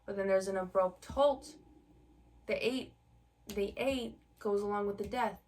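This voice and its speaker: A woman's voice: mid-range voice, measured pace, a little mellow, far from the mic. A woman giving a collective tarot reading in a chatty, conversational way, with many fillers and direct address to the viewer. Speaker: tarot reader.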